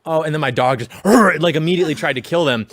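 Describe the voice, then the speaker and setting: A man's voice: on the high side, fast talker, dry recording, clean studio sound. A young man co-hosting a casual political talk show, sarcastic and joking, often acting out quotes. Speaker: podcast co-host.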